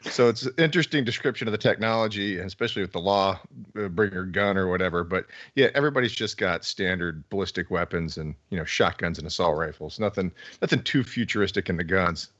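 A man co-hosting a casual movie podcast, making wry, drawn-out points. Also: low voice, a bit bright, dry recording, highs cut off. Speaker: podcast co-host.

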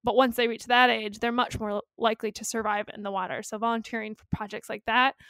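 A woman's voice: on the high side, level tone, quick pace, fairly bright tone, clear, resonant tone, dry recording, studio quality. A woman co-hosting a podcast in casual chat, talkative, laughing often and swearing freely. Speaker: podcast co-host.

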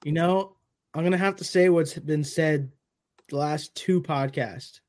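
Higher-voiced easygoing guest man. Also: a little slow. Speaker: podcast guest. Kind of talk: casual chat.

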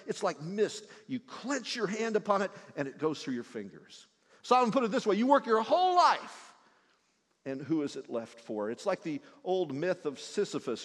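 Male pastor, high and very lively voice, sermon with long hall reverb. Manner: animated preaching, swinging between loud emphasis and hushed lines.

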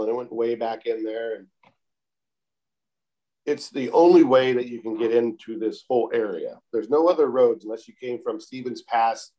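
A man calmly telling a long outdoor story in a casual interview, with many repeated "I said" tags. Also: medium pitch, dull audio. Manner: calm, unhurried, repeats "I said" often.

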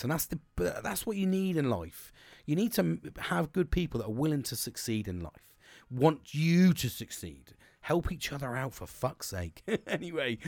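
A man's voice: fairly high pitch, sing-song, fairly quick, gravelly, no room sound, clean studio sound. A middle-aged man hosting a solo podcast, talking casually with lots of swearing and digressions that he keeps catching himself on. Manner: sweary, chatty, self-interrupting digressions. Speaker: podcast host. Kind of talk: rambling solo podcast monologue.

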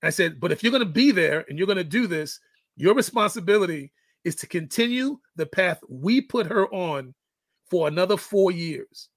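A man's voice: high-pitched, animated, normal speed, no room sound. A middle-aged man and father telling a parenting story in casual chat, acting out the quoted lines. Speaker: guest, fitness coach and father.

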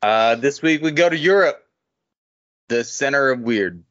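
A man hosts a podcast in an easy, unhurried way, reading his notes aloud. He halts often and fills the gaps with "uh". The recording is dull and lo-fi. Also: mid-range voice, lively intonation, fairly bright tone. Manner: halting, many "uh" pauses. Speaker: podcast host. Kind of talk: casual chat, reading notes.

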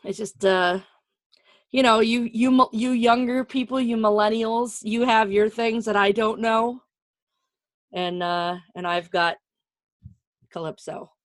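A woman's voice: fairly high pitch, steady tone, measured pace, pauses often. Middle-aged lady podcast host, jokey, laughs a lot, easy chatty talk. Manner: chatty, joking, laughs often. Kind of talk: casual comedic chat.

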